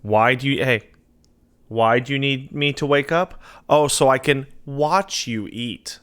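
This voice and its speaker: A man's voice: medium pitch, unhurried, fairly bright tone, smooth. A man streaming from home on a desk mic, chatting casually to his cat with profane, mock-scolding banter. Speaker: game streamer. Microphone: desk mic on a stand.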